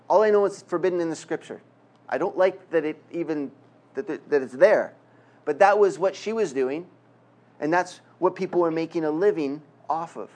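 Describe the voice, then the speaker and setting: High-voiced man preaching a sermon. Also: a little mellow. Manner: emphatic, slow deliberate reading with humorous asides. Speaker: pastor.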